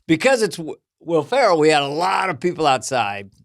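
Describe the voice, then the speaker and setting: A man co-hosting a podcast in casual chat, telling a story with lively bits where he acts out the people in it. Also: a little high, brisk, gravelly, no echo, clean studio sound. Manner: animated storyteller who acts out the voices in his stories. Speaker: podcast co-host.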